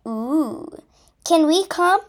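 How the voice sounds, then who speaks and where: Sidekick crow, eager and nosy woman reader doing the voice, higher than her own voice. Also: expressive, extremely slow, exaggerated voice.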